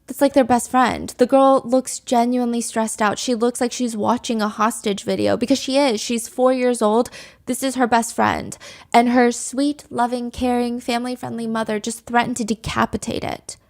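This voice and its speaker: A woman's voice: fairly high pitch, steady tone, moderate pace. Candid, conversational woman podcast host. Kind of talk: true crime storytelling.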